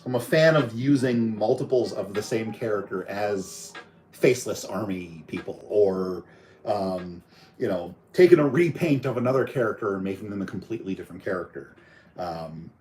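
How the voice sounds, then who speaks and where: A man's voice: on the low side, normal speed, darkish tone, a little hiss or hum, rough recording. A man casually reviewing toys on a live stream, rambling and chatty with lots of fillers. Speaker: toy reviewer.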